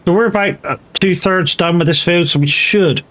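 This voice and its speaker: A man's voice: high-pitched, normal speed, a bit bright. A man chatting casually during a live game stream, rambling and swearing freely with many restarts.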